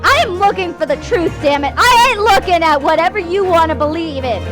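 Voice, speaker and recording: A blunt young male defense lawyer, played by a woman. His accusing lines swing high and lively. Game music plays underneath. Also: a little fast. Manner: blunt, accusing, rough-edged.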